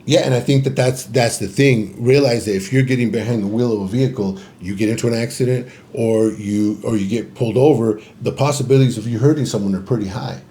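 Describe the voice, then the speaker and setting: Man with a mellow voice giving advice. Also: medium pitch, fast, hardly any pauses. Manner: emphatic, advice-giving, repeats phrases for emphasis. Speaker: podcast co-host. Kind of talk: casual podcast conversation.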